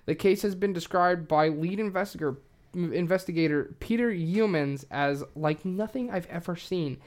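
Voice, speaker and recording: A mid-pitched, slightly mellow voice at normal speed belongs to a casual podcast host rambling through a true-crime case. He swears constantly, leans on fillers, and admits he's a little tipsy, keeping the whole delivery loose and informal.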